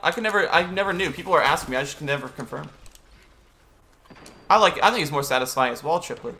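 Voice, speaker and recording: Young guy streaming games, reads chat out loud, bright tense voice, laid back. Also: fairly high pitch. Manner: greets and answers chat while playing. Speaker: game streamer. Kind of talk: casual live-stream chat.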